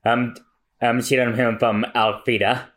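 A man co-hosting a casual manga readthrough podcast, narrating the story calmly. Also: medium pitch. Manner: unhurried narrating, chuckling. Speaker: podcast co-host.

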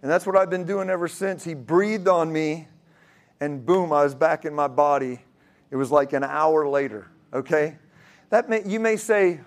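A man's voice: on the high side, moderate pace. A man preaching a sermon, telling a vision story in an earnest way with many restarts and repeated words. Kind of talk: sermon testimony.

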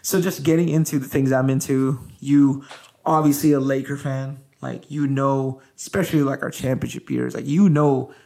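A man hosts a relaxed podcast chat with his wife. His voice has a gravelly edge, and he talks in a loose, lively way with frequent laughs and fillers. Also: mid-range voice, moderate pace. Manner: animated, laughing, loaded with fillers. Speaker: podcast host.

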